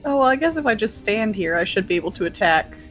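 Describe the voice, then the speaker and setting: A woman's voice: mid-range voice, lively intonation, quick pace, a bit bright, soft background music. A woman taking part as a player in a tabletop game, upbeat and chatty. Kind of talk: casual tabletop play.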